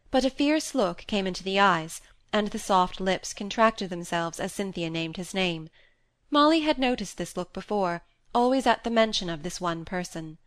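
A woman reading a novel aloud in a steady, measured narration. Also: mid-range voice, dry recording. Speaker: audiobook reader. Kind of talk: scripted narration.

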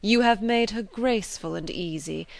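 A woman reading the part of a gallant young gentleman suitor, effusive and fawning in his compliments, in a dry recording. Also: mid-range voice, moderate pace, creaky, no echo, natural voice. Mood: flattering.

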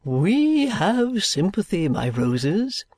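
A woman reading an audiobook, voicing a whimsical, childlike middle-aged gentleman with a light, sing-song manner and slow, drawn-out phrases. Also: on the low side, very animated, slightly rough, no echo, heavily acted.

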